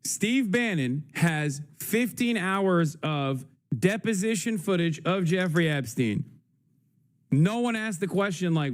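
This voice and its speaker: A man's voice: high-pitched, lively intonation, slow pace. A young man hosting a livestream, reacting frantically and swearing as he thinks aloud. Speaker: livestream host. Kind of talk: casual livestream commentary.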